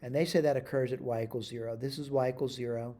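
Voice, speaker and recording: A man's voice: mid-range voice, fairly even intonation, quick pace, mellow. A man teaching math in a screen-recorded tutorial, talking his steps through aloud, correcting himself and checking in with "all right?". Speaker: math instructor.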